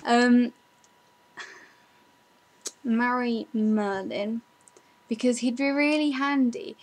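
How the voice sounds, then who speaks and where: Young girl vlogging, rambly and self-deprecating, kinda high voice. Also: steady tone, very slow, a little mellow, poor audio. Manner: chatty, self-deprecating, many ums and likes. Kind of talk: casual chat answering viewer questions.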